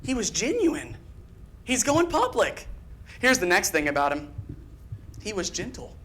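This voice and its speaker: A man preaches a church sermon in an earnest, emphatic voice. He pushes ahead in quick bursts and leans on repeated phrases to drive each point home. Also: high voice, huge pitch swings, fairly bright tone, slight background noise. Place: church sanctuary.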